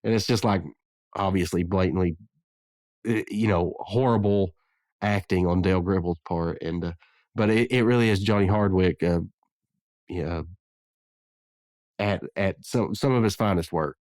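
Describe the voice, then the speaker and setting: A man's voice: sits low, moderate pace, pauses often, a little mellow, no room sound, studio quality. A man hosting a podcast in casual chat, rambling with many restarts and fillers. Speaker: podcast host.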